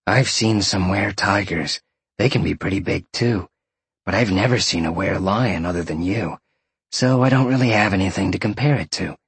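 A man's voice: deep voice, moderate pace, husky, no room sound, heavily acted. A man voicing a teasing cheetah-shifter woman. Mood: matter-of-fact. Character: young woman, cheetah shapeshifter, teasing and practical. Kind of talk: audiobook narration.

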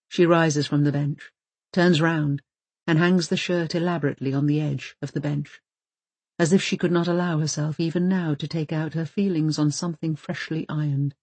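A woman narrating an audiobook in a calm, measured reading. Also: low voice, slightly rough, dry recording.

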